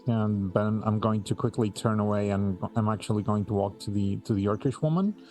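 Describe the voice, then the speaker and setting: A man playing a tabletop game, calmly describing what his character does. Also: lowish voice, brisk, soft background music. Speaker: player. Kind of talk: tabletop role-play.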